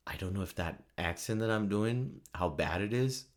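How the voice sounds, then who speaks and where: A man's voice: on the low side, normal speed. A man hosting a solo podcast, rambling and joking, laughing often at his own remarks. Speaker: podcast host.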